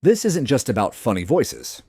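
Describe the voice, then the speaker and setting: A man's voice: mid-range voice, very animated, moderate pace, warm tone, breathy edge, dry recording, clean studio sound. A man giving hyped scripted narration for a compilation video.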